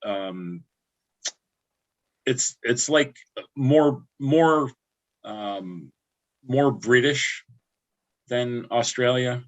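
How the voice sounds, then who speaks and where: A man's voice: mid-range voice, drawn-out words, pauses often, lo-fi sound. A man from upstate New York chatting casually on a livestream, rambling and restarting his words often. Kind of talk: casual chat.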